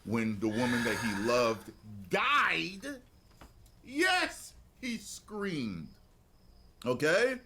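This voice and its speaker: A man giving a casual opinion monologue, animated and full of repeated fillers. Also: on the high side. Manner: animated, repeats "you know what I'm saying". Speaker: commentator in a played clip.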